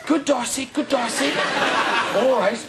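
A male talk show host with a very high-pitched, creaky voice speaks at a measured pace over loud music and a noisy crowd. He banters with and teases guests and the studio audience in a camp style, laughing often. The recording is a noisy old TV rip with loud audience laughter.

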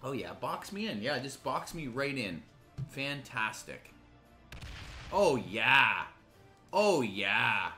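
Angry streamer guy cussing out other players, goes from loud outbursts to muttering, bright voice. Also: mid-range voice, sing-song, slow, pauses often, faint music behind. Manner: angry, ranting, heavy swearing. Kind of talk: live gaming commentary.

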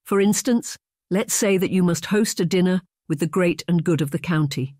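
A gentle young governess in an audiobook, as the narrator puts her on, measured and soft-spoken. She picks every word carefully, and the recording is close and dry. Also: lowish voice, no echo, pitched above the performer's own voice, close to an everyday voice. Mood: instructive. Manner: measured, soft-spoken, choosing words with care. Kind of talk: audiobook reading.

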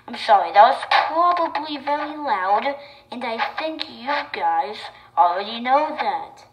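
Woman, reaction commentary, chatty, excitable, slightly high, unhurried. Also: a little hiss or hum, low-quality recording. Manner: chatty and excitable, with sudden loud bursts. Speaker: video creator.

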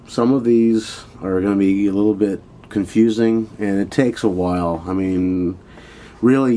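Deep-voiced man rambling through a lesson. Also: mellow, slight background noise. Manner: rambling, filler-heavy and chatty; speaks directly to viewers. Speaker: online Thai language teacher. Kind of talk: casual video lesson.

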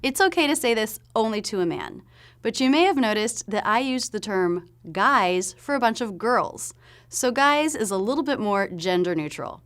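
A woman giving a pronunciation lesson, explaining sounds clearly and demonstrating them slowly. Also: a little high, expressive. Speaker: pronunciation teacher.

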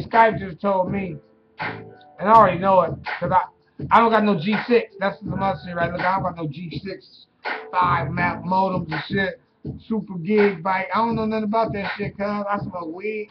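Speaking straight into his webcam, a vlogger with a fairly high voice launches into a profane, rambling comic rant, drifting between bits and laughing at his own jokes. Music plays clearly behind him, and the audio sounds dull and lo-fi.

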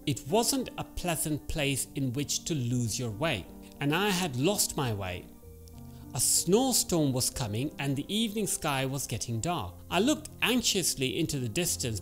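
Expressive male teacher reading a story. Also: on the high side. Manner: expressive reading that pauses to explain words. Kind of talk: storytelling with vocabulary explanations.

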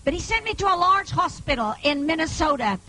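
A woman evangelist with a very high, bright, cutting voice tells her healing testimony to an audience. Her preaching is emphatic and often swells into shouting. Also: sing-song, a little fast, rough recording.

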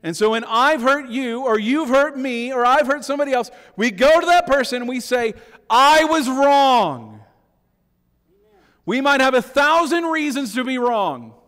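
A middle-aged man preaching a sermon as a pastor, moving between hushed, intimate lines and emphatic, raised declarations, often checking in with the congregation. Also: very high-pitched, lively intonation, moderate pace, few pauses. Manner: swings between hushed asides and emphatic raised lines, keeps asking "right?". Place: church sanctuary. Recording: long church reverb.

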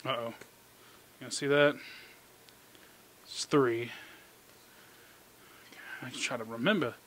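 A man hosting a casual card-pack opening commentary. He rambles excitedly, squeals with delight and mocks himself in quick asides. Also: mid-range voice, a little hiss or hum. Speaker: channel host. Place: indoor room under an overhead light.

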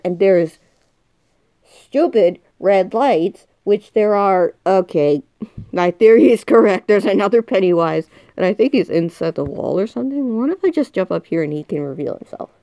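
This gaming YouTuber in her twenties narrates her gameplay in an excitable let's-play style, bouncing from quiet mumbles to shrieks. The recording is lo-fi with no echo, and her medium-pitched voice has a mellow quality.

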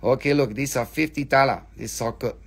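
A man's voice: mid-range voice, brisk, creaky, breathy edge. A man in his forties from America, hosting a live crystal sale with playful, rambling banter. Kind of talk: joking live-stream sales chat.

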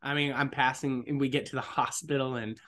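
Lively storytelling man. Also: medium pitch, fairly quick. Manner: lively storyteller, acts out other people's lines loudly. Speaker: voice actor and stuntman guest. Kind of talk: animated storytelling in a podcast interview.

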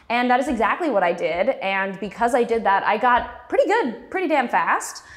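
A woman's voice: on the high side, big pitch swings, moderate pace, few pauses. Chatty young woman telling her story. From Texas. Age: 20s. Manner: chatty, self-deprecating, frequent ums. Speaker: cartoonist guest speaker. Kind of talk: festival talk, personal storytelling.

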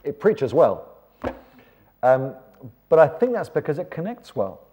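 A man's voice: fairly high pitch, sing-song, unhurried, slightly rough, dull audio. An Englishman giving a sermon-style seminar talk, conversational with rhetorical questions and wry asides. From England. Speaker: seminar speaker.

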